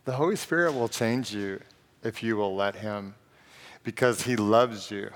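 A man's voice: on the low side, a little slow. Man preaching casually in an echoing hall. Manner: conversational and joking, reading scripture aloud. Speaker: pastor. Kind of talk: sermon. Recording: long reverb of a large hall.

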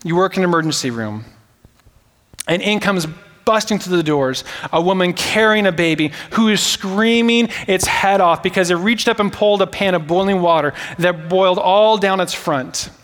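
A man's voice: sits high, moderate pace, a bit bright. A man in his thirties preaching a casual, joking sermon as pastor, full of fillers like "like" and "right?". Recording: hall reverb.

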